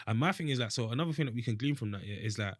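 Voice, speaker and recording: A man's voice: mid-range voice, animated, rapid-fire, dry recording, studio quality. A young man co-hosting a casual podcast chat, talking in long runs and keeps checking that he is understood. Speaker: podcast co-host.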